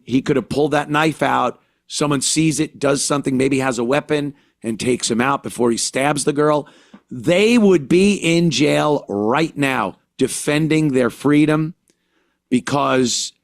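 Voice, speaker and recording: Older man, gravelly, profane, opinionated commentary, dry sound. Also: medium pitch, no room sound. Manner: blunt and profane, ranting. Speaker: podcast host.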